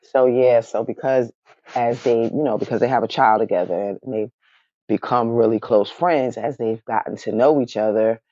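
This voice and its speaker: A woman's voice: very deep voice, normal speed, mellow, no echo. A woman recapping a reality show in a casual chat, keeps breaking into laughter mid-sentence and calls her viewers y'all. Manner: chatty, addresses viewers as y'all. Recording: dry, dull lo-fi sound.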